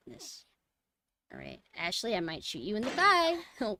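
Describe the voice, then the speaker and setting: A woman streamer giving excitable gameplay commentary, swearing and bursting into shouts. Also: mid-range voice, a little slow, pauses often, slight background noise.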